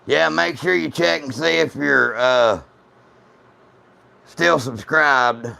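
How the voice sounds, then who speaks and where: A man hosting a casual gun-channel livestream, talking to viewers in rough, profane, blunt banter. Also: a little high, slow pace, sharp tone.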